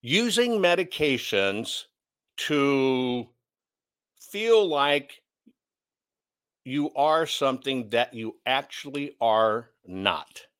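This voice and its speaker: A man's voice: medium pitch, animated, drawn-out words, long pauses, fairly bright tone, smooth. Guy ranting on his commentary show, blunt and sarcastic, mid voice. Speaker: commentary host. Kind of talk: opinionated commentary.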